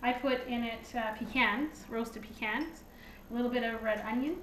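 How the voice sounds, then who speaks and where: A woman guest names her ingredients one by one, pausing as she goes. Her voice is fairly high and comes from a distance. The kitchen around her echoes, with a faint background hum. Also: fairly bright tone. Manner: lists ingredients haltingly. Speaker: guest cook. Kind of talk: casual chat.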